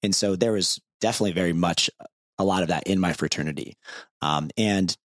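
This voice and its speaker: A man's voice: sits low, a little fast, no echo, clean studio sound. A man in his thirties co-hosting a podcast, candid and easygoing, and laughing often. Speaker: podcast co-host. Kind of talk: casual podcast conversation.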